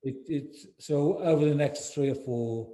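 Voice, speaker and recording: A man in his sixties being interviewed, speaking candidly and haltingly, with many repeated words and "you know"s. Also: a little high, dark tone. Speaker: interview guest, former footballer.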